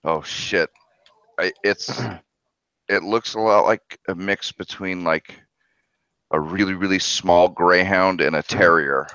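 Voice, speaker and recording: A man's voice: deep voice, takes it slowly, pushed and bright, clean tone, no echo. A man chatting on a podcast, laid-back and swearing casually. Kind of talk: casual chat. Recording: dry, dull lo-fi sound.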